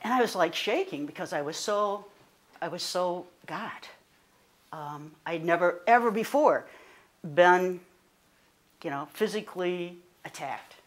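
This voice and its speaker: A woman, a guest speaker telling a personal story in an animated, conversational way, full of fillers and self-corrections. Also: on the low side, measured pace. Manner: animated, rising to indignant.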